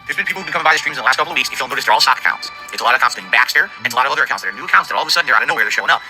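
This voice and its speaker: A middle-aged man livestreaming, ranting in an indignant, profane, rapid-fire way about his audience and the games industry. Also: medium pitch, expressive, pushed and bright, soft background music, rough recording. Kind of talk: angry stream rant.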